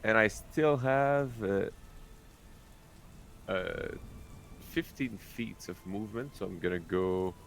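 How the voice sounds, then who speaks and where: A man playing a tabletop game casually, hesitant, thinking out loud with fillers. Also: fairly low pitch, slow, pauses often, a little hiss or hum. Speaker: player.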